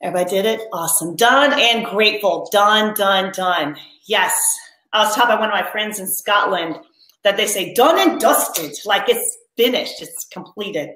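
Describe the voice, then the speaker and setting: A woman's voice: medium pitch, normal speed, bright, forceful tone, roomy sound, rough recording. A woman hosting a live coaching session for mothers, reading out viewer comments and leading them through a spoken pledge. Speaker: mom coach hosting a live online workshop. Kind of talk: live-streamed motivational coaching.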